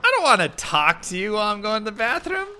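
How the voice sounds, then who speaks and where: A man's voice: high voice, fast talker. A man hosting a live game stream, chatting casually and telling stories with frequent laughter. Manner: animated, laughing, storytelling. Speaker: livestream gamer host. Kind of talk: casual chat while gaming.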